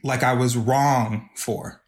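Man on a podcast, earnest and reflective, gets emotional, mid pitch. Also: fairly even intonation, slow pace. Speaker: podcast guest, video artist. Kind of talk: casual podcast conversation.

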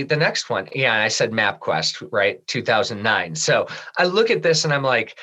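A man's voice: medium pitch, very animated, normal speed, few pauses, sharp tone, low-quality recording. A man in a podcast interview, telling a personal story and acting out his own past remarks with animation, then turning sincere and reflective. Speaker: guest.

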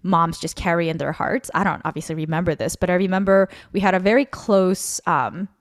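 A woman's voice: on the low side, steady tone, fairly quick. A woman co-hosting a podcast, sharing a personal story in a rambling, chatty way full of fillers and self-corrections. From Korea. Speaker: podcast co-host. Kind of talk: casual testimony chat.

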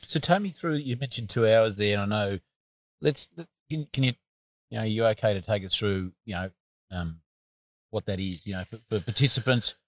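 A man's voice: lowish voice, brisk, no echo. A male interviewer asking questions hesitantly and rephrasing as he goes.

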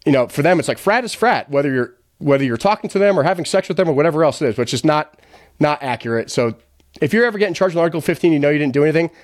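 A man's voice: on the high side, animated, rapid-fire, no echo, clean studio sound. A man from the United States, a podcast guest, telling his story bluntly with swearing and quoting the people involved. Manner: retells events by quoting others. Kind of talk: casual storytelling interview.

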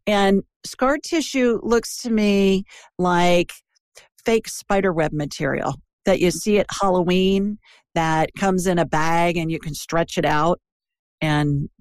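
A woman from Ohio hosts a call-in show in Birmingham, chatting with a caller in a digressive, talkative way that suits an intuitive show host. Her voice sits on the low side and moves slowly, with a clean tone and clean studio sound free of any room echo.

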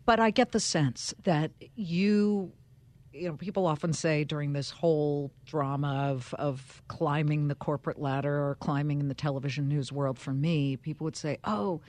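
A woman interviewer who asks long, expressive questions and shares her own stories in conversation. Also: low-pitched.

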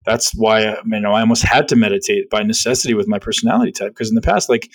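A man's voice: fairly low pitch, poor audio. A middle-aged man hosting a podcast, explaining ideas in casual conversation and often checking in with "right?". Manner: fast-talking, explanatory, peppers speech with "right?". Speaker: podcast host.

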